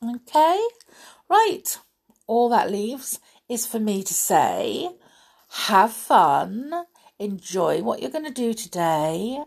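Slow breathy woman reading a children's story. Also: on the high side, sing-song. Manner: gentle, chatty, with fillers between sentences.

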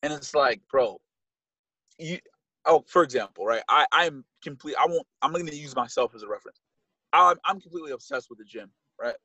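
A man with a husky, slightly high voice, swinging his pitch all over as he talks. His delivery is lively and slangy, full of swearing in a loose podcast chat. The sound is dry and close. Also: brisk, no room sound, dull audio. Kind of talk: casual chat.

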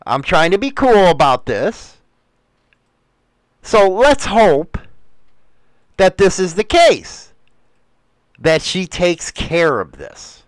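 A man's voice: high voice, sing-song, slow, long pauses, dry recording. A middle-aged man hosting a radio show, rambling bluntly and swearing freely in a casual monologue.

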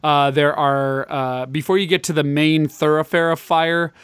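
Male co-host, rambling casual talker, slightly high voice, dry close mic. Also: fairly even intonation, normal speed, fairly bright tone, clean tone, no echo. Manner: rambling, with many fillers and restarts. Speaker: podcast co-host. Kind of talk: casual chat about retro games.

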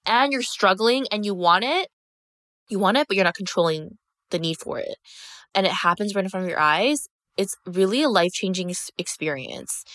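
A woman's voice: lowish voice, fairly bright tone, dry recording, studio quality. A young woman hosting her own podcast, telling a personal story in a candid, emphatic way, with lots of "like" and swearing. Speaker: podcast host. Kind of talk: casual storytelling monologue.

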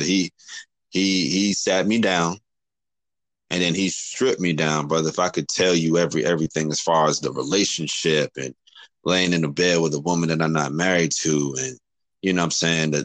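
A man's voice: low voice, fairly bright tone, no echo, poor audio. A man talking earnestly about his faith, often repeating words and calling the other man brother. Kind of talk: casual faith talk.

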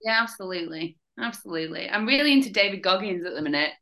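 A young woman with a Northern English accent and a mid-pitched voice, chatting candidly as a podcast guest. She speaks bluntly and openly, with a dark, laughing edge to how she talks. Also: animated, fast talker, rough recording. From Northern England. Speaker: guest, fitness coach. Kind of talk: casual chat.

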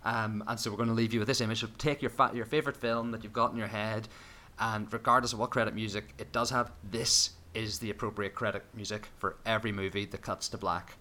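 A man's voice: lowish voice, steady tone, quick pace, hardly any pauses, pushed and bright. A man co-hosting a podcast in casual chat, laughing often and repeating phrases playfully. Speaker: podcast co-host.

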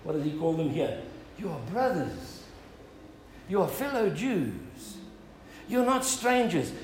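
A man's voice: high-pitched, big pitch swings, slow, reverberant, slight background noise, poor audio. A male pastor preaching an earnest sermon, building up to emphatic appeals and asking "Amen?".

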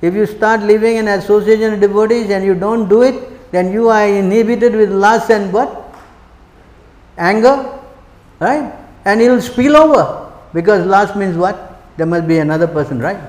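High-voiced man preaching in an echoey hall. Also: normal speed, darkish tone. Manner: emphatic, keeps quizzing listeners with rhetorical questions. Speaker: spiritual teacher giving a class. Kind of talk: sermon. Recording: echoey hall with long reverb.

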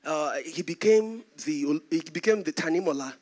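A man's voice: fairly high pitch, normal speed, darkish tone. A man with a Nigerian accent, a pastor preaching a sermon in a dramatic storytelling way. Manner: dramatic storytelling preacher who acts out the voices.

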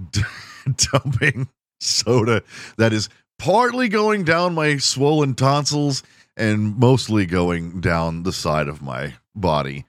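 Low-voiced man telling crude stories. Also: slow pace, no room sound, studio quality. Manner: crude, self-mocking, animated storytelling. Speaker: podcast host. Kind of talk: casual storytelling monologue.

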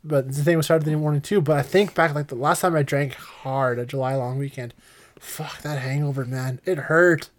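A man's voice: fairly high pitch, fairly even intonation, normal speed. A man co-hosting a podcast in casual chat, laid-back and laughing often, with many fillers. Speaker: podcast co-host.

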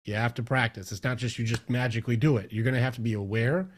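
A man who works as a mindset coach, chatting as a podcast guest and telling stories with lively acted-out inner dialogue. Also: medium pitch, quick pace, a little hiss or hum. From Michigan, US. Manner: animated storyteller, acts out his own inner voice. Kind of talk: casual interview chat.

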